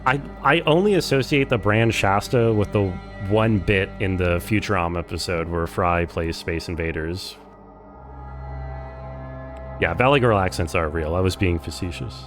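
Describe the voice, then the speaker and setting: Over music, a young Californian man talks at a moderate pace in a low voice while streaming a game. The chat is casual and relaxed, heavy on the word "like."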